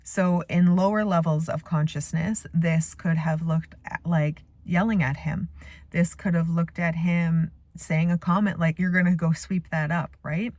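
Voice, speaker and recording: A middle-aged woman, a spiritual coach, telling stories to a phone camera from her parked car in a lively, playful way. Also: fairly low pitch, a little slow, no room sound. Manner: animated storytelling with playful asides. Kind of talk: casual motivational talk to camera.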